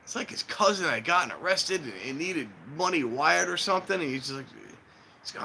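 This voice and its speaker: A man hosting a casual trainspotting stream, rambling and animated, acting out the voices of people he quotes. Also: on the high side, fairly quick, gravelly, slight background noise. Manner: warns viewers against scams. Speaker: railfan livestream host. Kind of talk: casual chat while filming trains.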